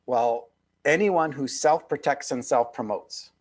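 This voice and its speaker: Interviewed by video call, an author over fifty reflects in an unhurried, mid-range voice. He is earnest and emphatic, repeating phrases to give them weight.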